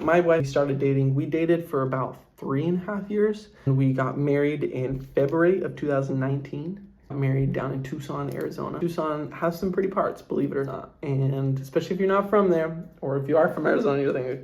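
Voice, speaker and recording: A man's voice: a little high, gravelly, a little mellow. A young man and father answering viewer questions in a casual vlog, earnest and heartfelt, rambling with lots of fillers. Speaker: vlogger and father.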